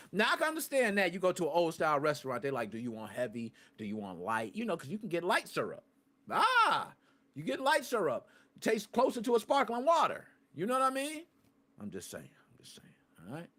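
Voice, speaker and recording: A man with a high, bouncy voice hosts a live gaming podcast and chats straight to his viewers. He jumps from quiet mumbles to loud, excited outbursts and curses freely as he rants. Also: a little fast. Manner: talks to live chat viewers. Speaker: podcast host.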